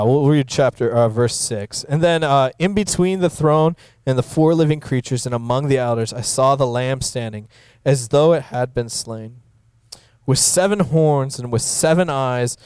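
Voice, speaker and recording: Pastor type, male, mid-pitched, smooth clear voice, conversational Bible teacher, dry close sound. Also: moderate pace, darkish tone, no room sound. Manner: conversational, many fillers, rising for emphasis.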